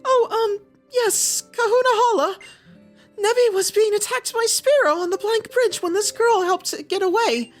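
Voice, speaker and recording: A man voicing a shy, gentle teenage girl in falsetto, with soft, hesitant, apologetic speech that comes out slightly British. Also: measured pace, faint music behind. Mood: timid.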